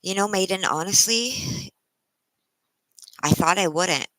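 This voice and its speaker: A tired woman livestreaming to her viewers, close to tears, speaking in halting, emotional bursts and restarting her sentences. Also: mid-range voice, pushed and bright, dry recording, poor audio. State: tired from a sleepless night. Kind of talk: casual live-stream chat.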